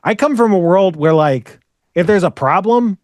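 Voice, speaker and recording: Podcast host, male, higher register, dry close sound; rambling, swearing, exasperated storyteller. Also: lively intonation, moderate pace, darkish tone, dry recording. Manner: rambling, profane, exasperated ranting; frequent "like" fillers. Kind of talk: casual storytelling chat.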